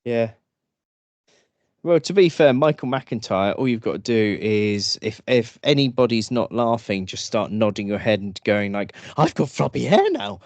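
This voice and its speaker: A man's voice: fairly low pitch, unhurried, dry recording. A man co-hosting a casual podcast, joking around, stammering into restarts and breaking into silly voices. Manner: animated, jokey, lots of stammered restarts and silly put-on voices. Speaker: podcast co-host. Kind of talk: casual chat.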